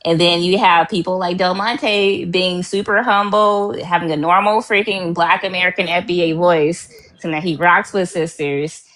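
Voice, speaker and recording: Lowish voiced woman host, earnest, just thinking out loud. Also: steady tone, normal speed, hardly any pauses. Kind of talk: casual chat.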